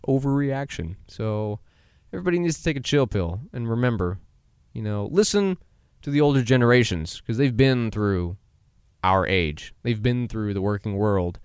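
A man's voice: medium pitch, animated, normal speed, clean tone, no room sound, studio quality. A man in his twenties hosting a solo podcast, talking casually and acting out quoted voices, often laughing at himself. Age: 20s. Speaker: podcast host.

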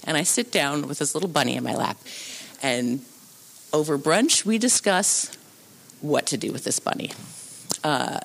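A woman telling a true story live on a theatre stage into a microphone, animated and acting out the voices of the people in it. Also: deep voice, creaky. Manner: animated, acts out voices and sounds.

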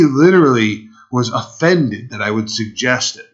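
A man's voice: mid-range voice, sing-song, measured pace, few pauses, fairly bright tone, lo-fi sound. A male pastor preaching an impassioned expository sermon, pleading and rising sharply for emphasis.

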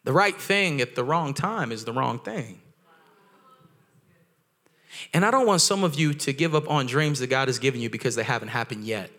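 A young man preaching as a guest speaker, telling stories excitedly and driving home his points with animated, emphatic delivery. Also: mid-range voice, fairly quick. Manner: excitable, storytelling, acts out voices in anecdotes. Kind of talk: energetic sermon.

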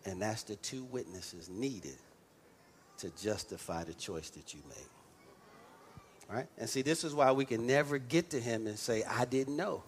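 A male pastor delivering a lively sermon, stressing points and calling out to the congregation for response. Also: lowish voice, measured pace, a little hiss or hum. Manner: emphatic call-and-response preaching.

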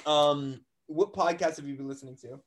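Slightly high-voiced young man, playful. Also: moderate pace. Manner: playful, riffs with silly voices and sounds. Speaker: podcast co-host. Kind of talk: casual chat.

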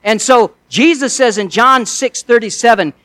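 A man's voice: extremely high pitch, normal speed, sharp tone, no echo, poor audio. A male pastor preaching a sermon in an earnest way, asking his listeners one rhetorical question after another.

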